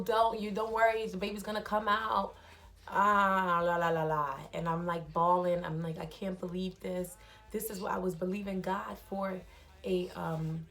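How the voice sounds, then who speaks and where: Woman telling her story, fairly low voice. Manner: animated storytelling, acting out dialogue. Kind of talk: casual personal testimony.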